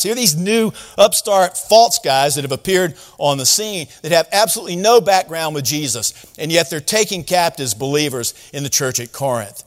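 A man with a high-pitched voice preaches to his congregation in a relaxed, conversational way. He slips into casual paraphrases of scripture and points out sarcasm. His voice carries a long, ringing hall reverb. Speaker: pastor. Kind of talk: sermon.

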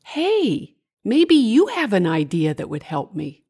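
A woman's voice: medium pitch, wildly swooping pitch, slow, dark tone, husky, exaggerated voice. A woman voicing a cheerful little female bug in a storybook, sweet and eager. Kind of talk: storybook character voice.

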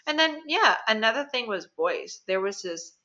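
A young woman co-hosting a podcast in casual chat, animated and laughing, with lots of fillers. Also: a little high, normal speed, highs cut off. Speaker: podcast co-host.

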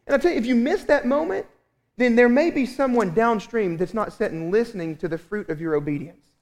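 A man in his thirties preaching a sermon as pastor, telling a family story with lively, animated asides. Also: very high-pitched, a little fast. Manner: animated storytelling, acts out his own exasperation.

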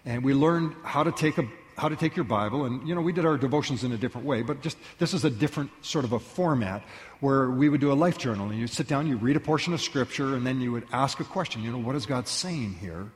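Male pastor, lively storyteller who acts out voices, recorded in a big echoing sanctuary. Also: medium pitch, fast. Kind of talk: sermon. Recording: long reverb of a large hall.

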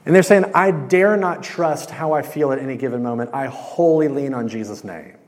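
A man in his thirties giving a relaxed, conversational sermon as a campus minister. He keeps asking the audience questions and uses lots of casual fillers. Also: medium pitch, moderate pace. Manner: conversational, with lots of "like" and "you know". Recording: long hall reverb.

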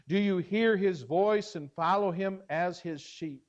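Male pastor preaching with earnest emphasis, somewhat higher voice, dull lo-fi recording. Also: unhurried. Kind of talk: sermon.

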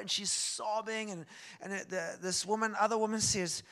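A man, a guest preacher telling a story in a sermon, animated and swinging from soft to loud. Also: high voice, normal speed.

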